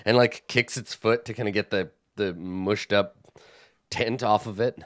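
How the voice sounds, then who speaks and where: A man narrating a tabletop game as game master, unhurried and searching for words as he describes. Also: on the low side, fairly even intonation. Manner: unhurried, with many fillers and restarts while describing.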